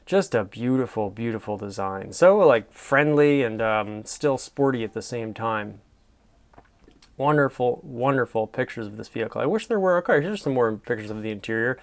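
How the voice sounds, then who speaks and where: Admiring, rambling man with a smooth voice. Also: medium pitch, lively intonation, moderate pace. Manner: enthusiastic, admiring, rambling with fillers; soft-spoken sleep-friendly delivery. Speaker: host. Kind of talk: casual commentary on classified ads.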